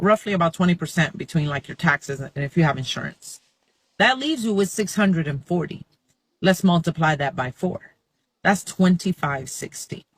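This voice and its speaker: A man's voice: on the high side, a bit bright, slightly rough. A man in a casual vlog, methodically walking through wage and bill numbers. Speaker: vlogger explaining wages.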